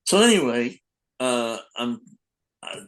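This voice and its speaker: A man's voice: mid-range voice, sing-song, takes it slowly, fairly bright tone, low-quality recording. An older man, a comic book editor, telling rambling anecdotes in a casual podcast interview, acting out quotes.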